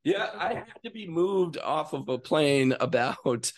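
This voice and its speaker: Middle-aged male actor, casual animated storyteller, does voices mid-anecdote. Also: on the high side, unhurried. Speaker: actor guest.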